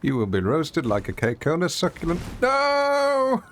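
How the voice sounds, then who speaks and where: A man's voice: mid-range voice, lively intonation, fairly quick, slight background noise. A man streaming a video game, giving casual, playful, self-mocking commentary as he plays.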